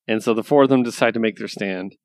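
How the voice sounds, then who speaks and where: A man's voice: lowish voice, fast talker, a little mellow, dry recording. A man co-hosting a comics podcast in casual chat, loose and rambling, enthusiastic and swearing casually. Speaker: podcast co-host reviewing comics.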